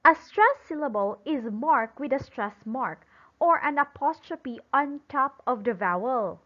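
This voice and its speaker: A woman teaching an English lesson slowly and emphatically, pausing for imagined answers and praising them. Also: high voice, animated, a bit bright. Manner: praising and drawing out example words. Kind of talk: recorded classroom-style lesson. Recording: dull lo-fi sound.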